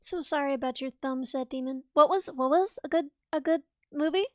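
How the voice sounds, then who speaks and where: A woman's voice: sits high, brisk, a bit bright, no echo, studio quality. A woman streamer with a sick voice, chatting casually and playfully with a guest. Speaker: streamer host. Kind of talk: casual chat.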